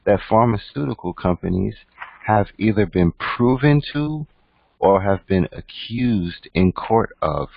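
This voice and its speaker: A man's voice: on the low side, animated, unhurried, vocal fry, dry recording. A man teaching an online class in a conversational lecture style, often checking in with "right?". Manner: conversational, keeps asking "right?". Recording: dull, dry lo-fi audio.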